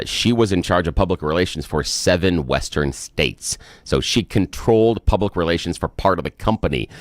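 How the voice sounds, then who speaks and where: A man's voice: deep voice, no echo, studio quality. A middle-aged man co-hosting a talk radio show, ranting in an emphatic, indignant way.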